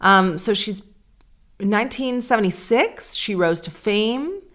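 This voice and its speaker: A woman's voice: medium pitch, lively intonation, measured pace, fairly bright tone. A woman in her forties hosting a solo podcast, candid and chatty with sarcastic asides. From Canada. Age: 40s. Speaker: podcast host. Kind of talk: casual solo podcast chat.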